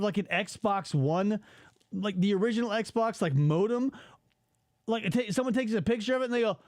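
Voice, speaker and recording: High-voiced ranting male podcast host. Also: no room sound, studio quality. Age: 40s. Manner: animated, exasperated, swears freely. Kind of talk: casual ranting chat.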